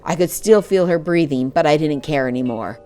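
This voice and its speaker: A woman narrating a first-person fantasy novel. Her voice sits low and she tells the story steadily with feeling. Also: moderate pace, dark tone, soft background music. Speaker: audiobook narrator.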